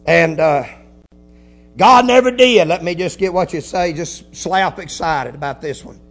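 Preacher, high-pitched man, quiet storytelling that climbs to shouting, faint music underneath. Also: measured pace. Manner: folksy, punctuated with hallelujahs. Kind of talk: Pentecostal-style sermon.

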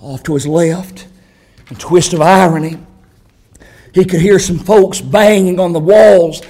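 A man preaches a vivid sermon story in a high voice. His delivery swells to intense peaks and drops low and grave. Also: moderate pace, over a noisy crowd, heavy background noise. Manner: intense, rising and falling delivery.

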